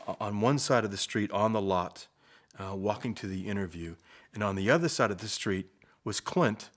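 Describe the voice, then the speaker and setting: An older man, an actor, recalling his early career in a soft-spoken, unhurried interview manner. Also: on the low side. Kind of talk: interview reminiscence.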